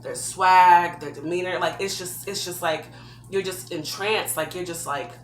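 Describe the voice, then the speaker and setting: A woman's voice: on the low side, steady tone, measured pace, reverberant, a little hiss or hum. A woman giving earnest, heartfelt advice from her own experience in a personal vlog. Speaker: vlogger.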